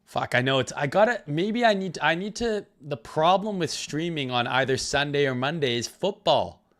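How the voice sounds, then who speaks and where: His voice is a little high and fairly bright, with lively intonation and a moderate pace. He's hosting a crypto trading stream while recovering from illness, chatting loosely with profanity and greeting people from the chat by name.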